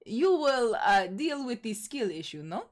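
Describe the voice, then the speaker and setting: A woman's voice: fairly high pitch, sing-song, measured pace. A young adult woman streamer chatting casually with her audience in a playful, teasing way. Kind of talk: casual gaming stream chat.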